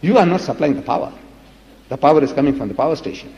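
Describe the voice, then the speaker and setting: A man's voice: fairly high pitch, expressive, quick pace, dark tone. A man giving a religious lecture in an emphatic, dramatic way, full of rhetorical questions. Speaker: preacher. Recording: dull lo-fi recording in a reverberant hall.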